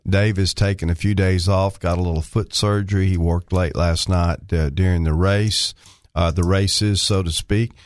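A man's voice: low-pitched, fairly even intonation, normal speed, no room sound. An older man from Arkansas guest-hosting a talk radio show in a studio, rambling and folksy with many fillers. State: slightly out of breath.

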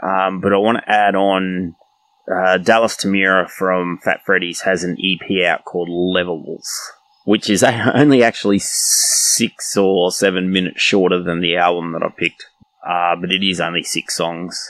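Low-voiced New man, easygoing podcast co-host, laughs at himself. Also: flat delivery, normal speed, fairly bright tone, no room sound, low-quality recording. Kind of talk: casual chat.

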